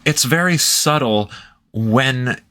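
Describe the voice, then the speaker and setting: Jokey, ranting man with a bright voice. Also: medium pitch, takes it slowly. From Canada. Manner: jokey, ranting, acts out quoted phrases. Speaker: reaction video co-host. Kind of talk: casual reaction commentary.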